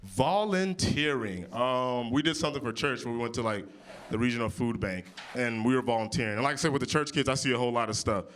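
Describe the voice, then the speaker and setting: A man in his early thirties doing improvised stand-up comedy on audience topics, with big jumps in pitch when he quotes people. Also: fast talker. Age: 30s. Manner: animated, jumps high for quoted voices. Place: comedy club stage. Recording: live venue with audience.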